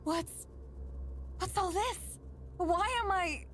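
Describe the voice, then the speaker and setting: Woman doing a scared young worker, high and jumpy, talking real slow, music in back. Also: fairly even intonation, fairly bright tone, slight background noise, heavily acted. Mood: panicked. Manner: pleading, alarmed questioning.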